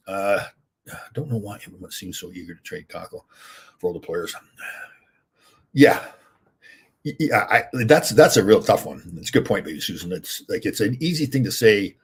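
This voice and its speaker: An older man hosting a casual live chat, answering viewer questions in a relaxed, rambling way. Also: fairly low pitch, a little fast, slightly rough. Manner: relaxed, rambling, thinking aloud.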